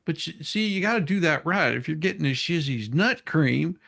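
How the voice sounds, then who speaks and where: A man's voice: on the high side, expressive, vocal fry, fairly bright tone. A man hosting a comedic dramatic reading of a deposition, giggly and often breaking into laughter. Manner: giggly, breaks into laughter, reads lawyer questions slowly. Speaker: host reading a deposition aloud.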